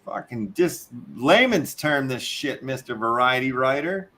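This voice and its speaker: A man's voice: mid-range voice, expressive, unhurried, sharp tone. A man with a Chicago accent hosting a casual show, reading articles aloud, cursing and tripping over long words. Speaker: show host.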